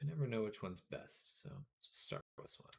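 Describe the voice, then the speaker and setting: A man's voice: lowish voice, expressive, brisk, creaky. Chatty male streamer, rambling. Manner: rambling, chatty, lots of fillers; answers chat comments. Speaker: live streamer. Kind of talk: casual live-stream chat while drawing.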